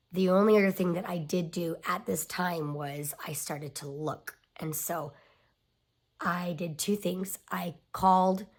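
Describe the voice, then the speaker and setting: Gravelly low-voiced woman telling a story. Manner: confiding, often dropping to a near-whisper. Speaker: mother telling a family story. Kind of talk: personal storytelling vlog.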